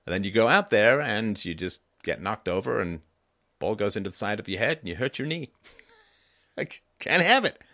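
A man in his fifties hosting a solo livestream, talking in a lively way and jumping up in pitch for emphasis and mock voices. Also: fairly quick, no echo, clean studio sound. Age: 50s. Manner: rhetorical repeats, asks "right?". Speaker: livestream host. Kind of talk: solo political commentary.

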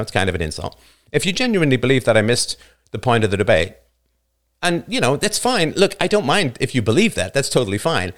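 A man in his fifties hosting a live show, lecturing a listener in an emphatic, argumentative way with the odd chuckle. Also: medium pitch. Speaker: livestream show host. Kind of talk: live show talk answering listener comments.

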